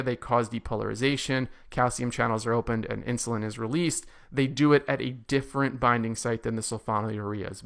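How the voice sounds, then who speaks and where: A man lecturing on medications with a gravelly, fry-edged voice at an ordinary middle pitch. He explains step by step and circles back to stress the main points, like a tutor walking students through slides. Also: fairly bright tone. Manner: explanatory, repeats key points for emphasis. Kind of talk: recorded pharmacology lecture.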